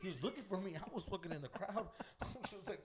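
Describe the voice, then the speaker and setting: A man on a podcast, telling a fight story in casual, profane talk, mixing in Spanish slang and loudly acting out the people in it. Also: high voice, quick pace, a loud crowd. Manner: animated, profane, mixes Spanish slang, acts out voices loudly. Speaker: podcast co-host. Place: green room of a comedy club.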